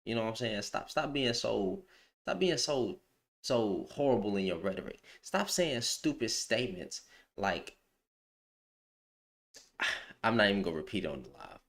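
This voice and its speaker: A man's voice: fairly low pitch, sing-song, moderate pace, vocal fry, pauses often, a bit bright. A man giving a heated, opinionated rant on a livestream, with slangy speech, who repeats phrases for emphasis. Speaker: livestream commentator.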